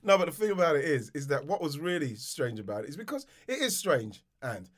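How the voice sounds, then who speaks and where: A man's voice: a little high, brisk. A middle-aged man, chatting on a podcast and telling stories with lots of repeats and laughter. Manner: animated, laughing, repeats himself when storytelling. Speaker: podcast co-host, former footballer. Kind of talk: casual chat.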